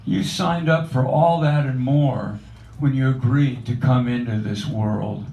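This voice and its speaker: Guy reading his poem real slow and soft, echoey cafe room. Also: medium pitch, gravelly, lo-fi sound. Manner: measured, reflective recitation. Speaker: open mic poet. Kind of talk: poetry reading.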